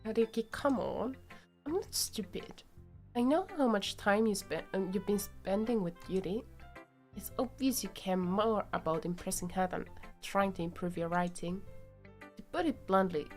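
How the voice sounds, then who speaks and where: A woman's voice: medium pitch, normal speed, soft background music, close to an everyday voice. A woman voicing a blunt, irritable teenage girl in a visual novel, curt and scolding. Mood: annoyed. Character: blunt irritable teen girl, sulky and sharp-tongued.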